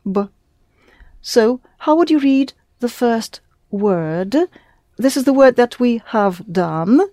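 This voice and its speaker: A woman's voice: fairly high pitch, expressive, slow pace, dark tone, dry recording, clean studio sound. A woman teaching a lesson in English, explaining patiently and prompting her student with questions. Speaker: Russian language teacher. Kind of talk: one-on-one language lesson.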